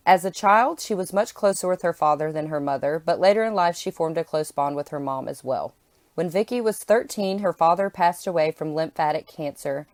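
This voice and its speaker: A woman's voice: fairly low pitch, darkish tone, dry recording. A woman co-hosting a true crime podcast, chatting casually and then reading case background steadily. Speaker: podcast co-host and storyteller.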